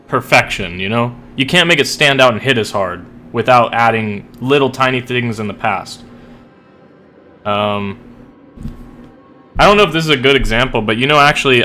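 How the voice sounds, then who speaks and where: Bright-voiced young man rambling casually. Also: mid-range voice, a little hiss or hum. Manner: rambling, filler-heavy, swears freely. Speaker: streamer and writer. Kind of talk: casual chat while gaming.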